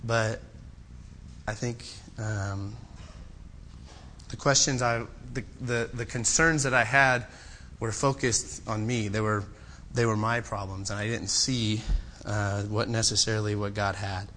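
Bright-voiced man preaching with passion. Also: steady tone, unhurried, a little hiss or hum. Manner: impassioned, rising to loud pleading then dropping low and personal. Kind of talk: sermon.

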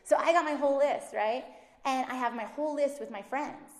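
Animated woman in a roomy echo. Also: high voice, fairly quick. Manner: animated, acts out quoted voices. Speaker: Christian speaker and mother. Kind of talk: casual faith talk.

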